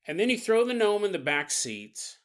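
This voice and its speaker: A male podcast host riffs in a loose, comedic monologue, laughing as he goes. His pitch swoops all over, and his tone is bright and forward. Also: moderate pace, a little hiss or hum. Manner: animated, laughs often, acts out silly voices.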